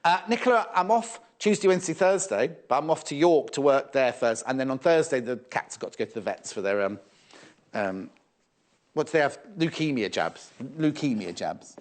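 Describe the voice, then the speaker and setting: A man's voice: medium pitch, animated, normal speed. A middle-aged man presenting a live sewing shopping show in a TV studio, chatting away, fussing aloud over fabrics and reading out viewer messages. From England.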